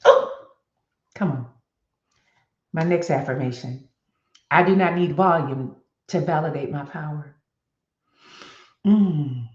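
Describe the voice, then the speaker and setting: Lower-voiced woman vlog host, lively and conversational, recorded with muffled lo-fi sound. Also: slow, long pauses. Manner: animated and chatty, addressing viewers as y'all. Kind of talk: casual motivational vlog talk. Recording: echoey room with dull lo-fi sound.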